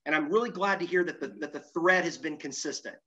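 A middle-aged man giving a lively, self-deprecating conference presentation, moving around as he speaks. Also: on the high side, fast talker. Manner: animated, self-deprecating, moves around while talking. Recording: muffled, lo-fi sound.

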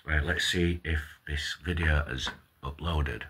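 A man's voice: a bass voice, steady tone, a little slow, sharp tone, husky. A man, vlogging a casual reaction and ranting with plenty of swearing.

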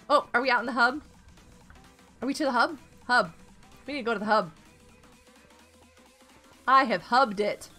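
A woman chats on a live stream as she plays a block game, giggling and cheering her friends on. Her voice sits high and leaps around, with a bright, sharp edge. Faint music plays behind her. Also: very animated, moderate pace, long pauses. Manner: chatty, giggly, encouraging. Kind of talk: casual live-stream chat.

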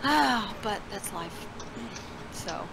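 A woman's voice: medium pitch, animated, extremely slow, vocal fry. A woman chatting casually with friends over voice chat while gaming, laughing easily. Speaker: gamer on voice chat. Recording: noisy voice chat background.

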